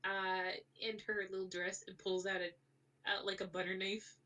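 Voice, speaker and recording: A woman's voice: medium pitch, little pitch movement, normal speed, pushed and bright. A woman narrates a tabletop game as its game master, wandering through her descriptions with plenty of ums and restarts. Her voice is set back a little from the mic, so it sounds slightly distant. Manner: rambling, many fillers and restarts.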